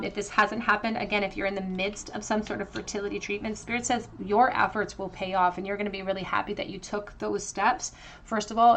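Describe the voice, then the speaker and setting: A woman giving a tarot card reading to her viewers, earnest and emotional, often pausing with fillers and restarts. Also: medium pitch, fairly bright tone, a little hiss or hum. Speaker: tarot reader.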